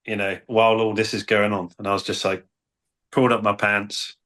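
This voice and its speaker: British man, low voice, cheeky, matter-of-fact, panel storytelling. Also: little pitch movement, a little fast, fairly bright tone. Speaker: dating coach panelist.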